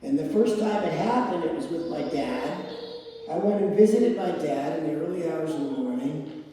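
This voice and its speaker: Man, middle-aged, sermon storytelling, lively pitch, long reverb. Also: slight background noise. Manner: slow, storytelling with laughs. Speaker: spiritual speaker. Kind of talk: sermon with personal stories. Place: large hall with audience. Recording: echoey hall, distant mic.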